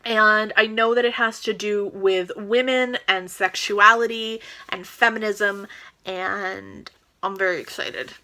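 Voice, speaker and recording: Bright-voiced, eager woman book vlogger. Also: mid-range voice, slow pace. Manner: eager and chatty, gushing over books. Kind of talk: casual book haul chat.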